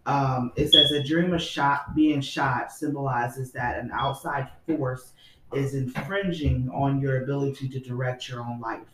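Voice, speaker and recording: A man's voice: medium pitch, fairly even intonation, a little slow. A man in casual chat, reading out and explaining what a dream means. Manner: explaining, thoughtful. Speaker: podcast co-host. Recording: echoey room with faint noise.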